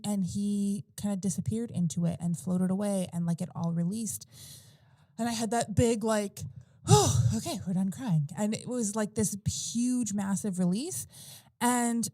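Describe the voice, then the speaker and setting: Mellow-voiced woman telling a rambling story. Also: medium pitch, no echo. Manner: rambling storytelling with many fillers and restarts. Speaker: podcast guest or host. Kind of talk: casual podcast conversation.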